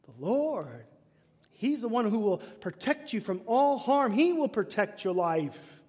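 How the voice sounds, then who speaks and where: Man preaching, high voice, emphatic with hushed drops, long hall reverb. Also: big pitch swings, takes it slowly, breathy edge. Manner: emphatic, swings from loud declaiming to hushed whispers. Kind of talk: sermon.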